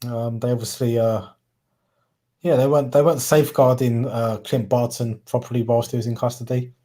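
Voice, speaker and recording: Mellow-voiced Cockney man chatting. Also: medium pitch, little pitch movement, fairly quick. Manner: rambling, self-correcting, often trips over words. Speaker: podcast co-host. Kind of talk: casual chat.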